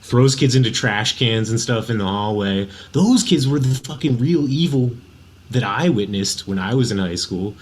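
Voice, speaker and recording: A man's voice: mid-range voice, animated, normal speed. A man guesting on a casual podcast chat, hesitant, trailing off with lots of fillers. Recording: faint background noise.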